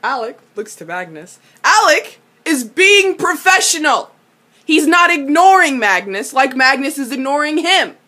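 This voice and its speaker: A young woman recapping a TV episode in a casual, animated way, exclaiming, swearing and laughing often. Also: sits high, unhurried. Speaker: vlogger.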